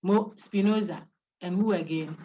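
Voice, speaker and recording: Lady lecturer, low voice, lo-fi call audio, gets students to repeat after her. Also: unhurried, slight background noise. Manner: coaching, repeats names for students to echo. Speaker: philosophy lecturer. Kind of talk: online university lecture. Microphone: video call. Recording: dull lo-fi online call audio.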